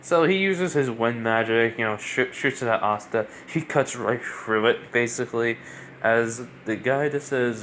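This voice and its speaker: A man's voice: medium pitch, measured pace, a bit bright, a little hiss or hum. A man casually improvising a fan story, rambling and restarting his sentences often. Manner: rambling, many fillers and restarts.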